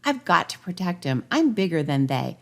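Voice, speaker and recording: A woman's voice: lowish voice, sing-song, normal speed. A woman voicing an anxious, earnest male governor in a rhyming storybook parody, pleading in a raised voice.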